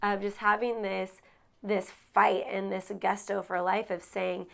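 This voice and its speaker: A woman with a medium-pitched, creaky, fairly bright voice speaks a little slowly and with flat delivery as she co-hosts a candid, casual chat. Sharing the story of her marriage, she's emotional and earnest, laughs often, and loses her train of thought. She rambles and restarts frequently.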